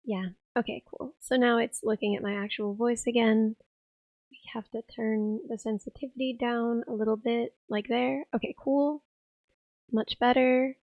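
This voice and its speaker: Young female streamer, hoarse and rough, slightly high, giggly casual chatter, dry sound. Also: fairly even intonation, normal speed, no room sound, narrow, tinny audio. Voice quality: rough, raspy voice. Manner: chatty, giggly, reads chat aloud. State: hoarse, tired voice. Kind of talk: casual live-stream chat.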